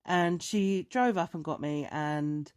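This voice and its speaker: A woman on a podcast, casually chatting and telling a story with lively, animated delivery. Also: deep voice, slow, smooth. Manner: animated storyteller, acts out dialogue in raised voice. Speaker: podcast co-host.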